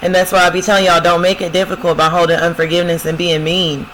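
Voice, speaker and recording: Bright, emphatic woman doing a love reading. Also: on the low side, little pitch movement, fast talker, a little hiss or hum, low-quality recording. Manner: talks straight to viewers, repeating "y'all" and "I'm telling you"; reads song lyrics aloud, then interprets them. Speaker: spiritual love-reading host. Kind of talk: casual prophetic love reading.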